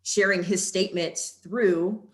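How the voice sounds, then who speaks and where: A woman's voice: lowish voice, a little slow. A young woman from Texas, a sports reporter, speaking frankly as a podcast guest with lots of "like". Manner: animated, frank, many "like" fillers. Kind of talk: casual conversational interview.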